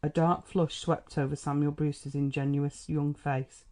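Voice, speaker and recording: A man reading classic fiction aloud for an audiobook, measured and even. His voice is mellow and warm, with a relaxed tone. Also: a little high. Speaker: audiobook narrator. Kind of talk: scripted narration.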